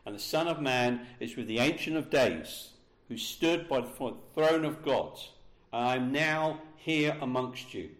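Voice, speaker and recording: A man preaching a sermon, slowing down and leaning hard on the key words for emphasis. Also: mid-range voice. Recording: roomy echo.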